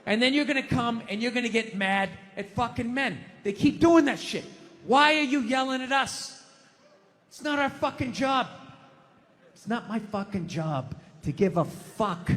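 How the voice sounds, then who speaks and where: A man doing a profane, shouting stand-up comedy rant at a live show. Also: extremely high pitch. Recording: live show with audience noise.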